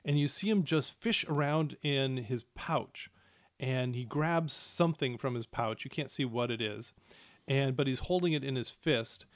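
A man's voice: mid-range voice, unhurried, no room sound, studio quality. A man narrating as game master for a tabletop game, hesitant with many fillers and restarts.

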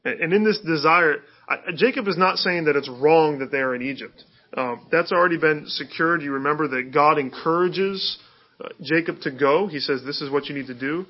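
A man's voice: on the high side, moderate pace, lo-fi sound. A male pastor preaching a sermon in an easygoing, conversational way, with fillers and restarts.

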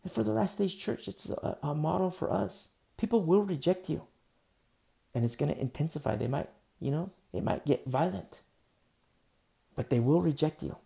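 Male pastor, casual rambling sermon, gravelly and mellow. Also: fairly high pitch, moderate pace. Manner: casual, rambling, many fillers and restarts. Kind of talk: conversational sermon.

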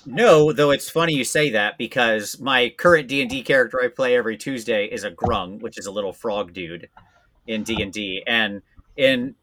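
A man chatting casually as a podcast guest, rambling and self-deprecating, quick to laugh at himself. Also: medium pitch, fairly bright tone, slight background noise. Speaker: guest voice actor.

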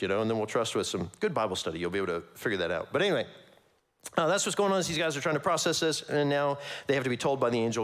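A man preaching a conversational sermon, casual and animated, with slangy asides and frequent laughs. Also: medium pitch, fast. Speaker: pastor.

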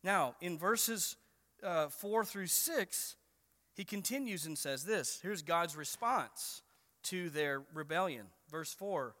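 Emphatic preacher man, bright voice, reverberant hall. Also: on the high side, expressive. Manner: emphatic, slows down to stress quoted scripture. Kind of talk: expository sermon.

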